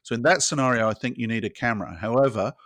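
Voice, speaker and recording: A man's voice: medium pitch, quick pace, a bit bright, dry recording. A British man talking as a technology guest, explaining scenarios step by step in casual conversation. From Britain. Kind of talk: casual interview chat.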